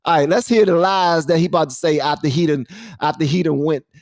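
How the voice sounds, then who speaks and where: A man hosting a casual reaction commentary, playful and animated, talking straight to his viewers. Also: on the high side, brisk, dry recording, clean studio sound. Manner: animated, playful, talks to the audience directly. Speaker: commentary channel host.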